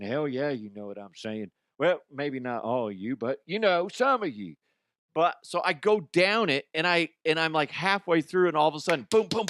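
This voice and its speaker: A man's voice: fairly high pitch, a bit bright, no echo, clean studio sound. A middle-aged man hosting a comedy podcast, telling profane, rambling stories and acting out the people in them. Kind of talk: crude comic storytelling.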